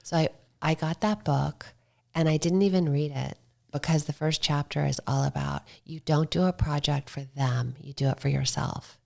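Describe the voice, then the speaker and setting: A woman filmmaker chatting as a podcast guest, telling lively stories and quoting herself. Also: deep voice, moderate pace, vocal fry. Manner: animated storytelling, quotes herself. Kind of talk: casual interview chat.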